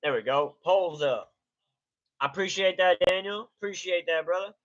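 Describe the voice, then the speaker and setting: Male streamer, laid-back, high bright voice, greets chat by name, lo-fi stream sound. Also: moderate pace. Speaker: live stream host. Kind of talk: casual live reaction stream. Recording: dull lo-fi stream audio.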